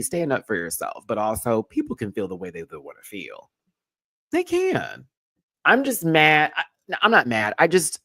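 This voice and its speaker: Emphatic slangy man, dry close sound. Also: no room sound. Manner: animated, emphatic, slangy and profane; swings between loud bursts and low muttering. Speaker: show host reviewing a TV episode. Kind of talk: live-stream commentary.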